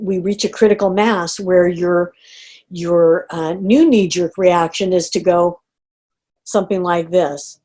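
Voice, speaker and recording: A middle-aged woman leading an online group coaching call, talking in an animated way and acting out inner reactions. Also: lowish voice. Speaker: coach running a group session. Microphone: video call.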